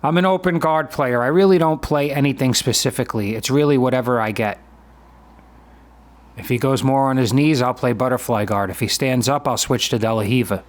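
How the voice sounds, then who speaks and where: Talking a little fast in a medium-pitched voice, this man in his fifties narrates footage of his own grappling sparring. His voice-over explains what happens in a plain, conversational manner.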